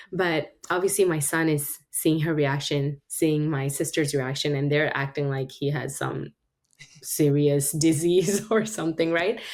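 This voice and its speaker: A middle-aged woman talking casually as a podcast guest, telling stories animatedly with frequent laughter. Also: deep voice. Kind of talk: casual conversation.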